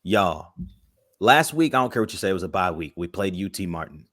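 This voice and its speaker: Male podcast co-host, low voice, dry close sound, slangy and hyped. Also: sing-song, brisk, a bit bright, no echo. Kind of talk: casual sports chat.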